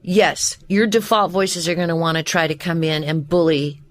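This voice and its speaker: Lower-voiced woman, explaining animatedly. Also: normal speed. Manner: explanatory, animated, with frequent restarts. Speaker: guest voice actress and voice-over teacher. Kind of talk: casual podcast conversation.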